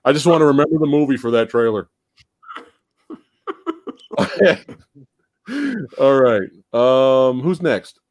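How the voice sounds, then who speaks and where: Lively, profane man hosting a live stream. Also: mid-range voice, slow, pauses often, dry recording. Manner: animated, profane, laughs often. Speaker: podcast host. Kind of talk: casual live-stream movie chat.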